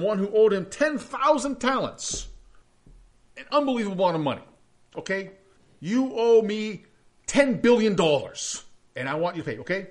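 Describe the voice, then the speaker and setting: Male pastor, slightly high voice with lively swings, reading scripture with hushed asides.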